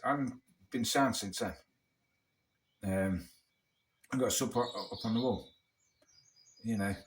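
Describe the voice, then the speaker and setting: A British man talking in a casual, rambling monologue over a beer, blunt and swearing heavily. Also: on the low side. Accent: British English. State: drinking beer. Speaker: vlogger.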